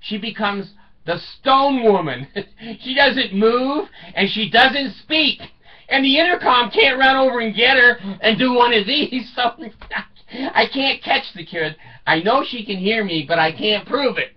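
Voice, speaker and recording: A man in his seventies spins rambling comic stories, chuckling often and swearing casually. His voice is extremely high and animated, delivered at a measured pace. The recording sounds dull and lo-fi, with him sitting distant from the mic.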